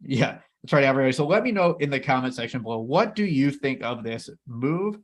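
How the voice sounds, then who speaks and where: A man's voice: medium pitch, animated, brisk. A man co-hosting a casual investing chat, enthusiastic and talking straight to viewers. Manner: enthusiastic, addresses viewers as everybody. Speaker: co-host.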